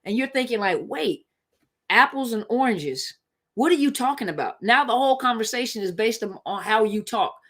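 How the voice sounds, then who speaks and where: A woman talking straight to her viewers on a live stream, with a mid-range voice that's neither high nor low. She's conversational and emphatic, circling back to hammer her points home. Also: a bit bright. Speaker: live-stream host on relationships. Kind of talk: casual live-stream talk.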